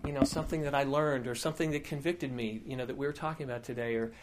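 A man's voice: mid-range voice, fairly even intonation, fast talker. A man preaching a sermon as a teaching elder, telling a story earnestly with many fillers and restarts. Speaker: pastor.

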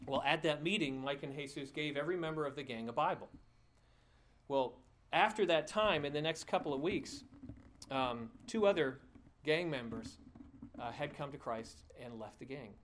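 A man's voice: on the high side, normal speed, fairly bright tone. A male pastor tells a story to his congregation in a loose, conversational sermon style. He keeps restarting phrases and dropping in fillers, and he chuckles now and then at his own asides.

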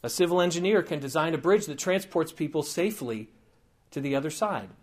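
A man's voice: on the high side, lively intonation, fairly quick. A man giving a conversational teaching sermon, informal and digressive, with frequent asides and light humor.

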